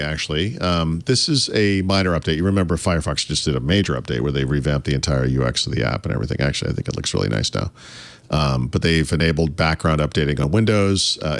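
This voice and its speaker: Low-voiced male podcast co-host, rambling and self-interrupting, dry close sound. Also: no room sound. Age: adult. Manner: rambling, self-interrupting, chuckles at own jokes. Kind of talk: casual tech podcast chat.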